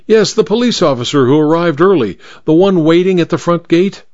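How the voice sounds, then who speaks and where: A man's voice: on the high side, animated, fairly quick, a little mellow, dry recording, highs cut off, voice pushed up, close to an everyday voice. A man playing a pompous, flustered judge. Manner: stammering when flustered, pompous.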